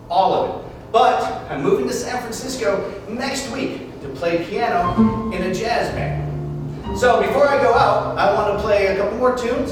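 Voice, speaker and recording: A man's voice: high voice, distant mic, pitched above the performer's own voice. A man playing a laid-back jazz radio host announcing songs. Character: smooth male late-night jazz radio host. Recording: echoey live stage from afar, noisy.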